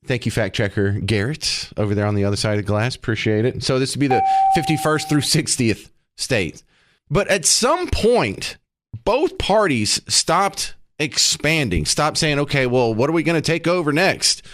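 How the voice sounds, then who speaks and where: A man's voice: mid-range voice, very animated, a little slow, a bit bright. A middle-aged man hosting talk radio from a studio, ranting sarcastically in a monologue full of rhetorical questions. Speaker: radio talk show host.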